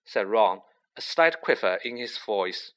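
A man narrating a storybook in a measured, expressive reading. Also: lowish voice. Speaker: audiobook narrator.

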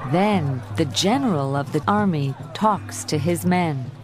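A woman narrating a graded-reader story in a measured, clearly articulated way. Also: low-pitched. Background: background music.

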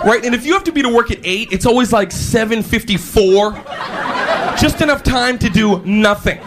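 A man with a high voice performs stand-up comedy, animated and bouncing into silly voices as he acts out scenes. Loud crowd laughter and steady noise fill the live club around him. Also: normal speed. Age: 19 then, now adult. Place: stage before a live audience.

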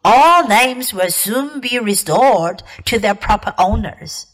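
A woman reading aloud, voicing a wise male lion king who speaks gravely and calmly. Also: on the high side, heavily acted, low-quality recording. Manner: grave and measured.

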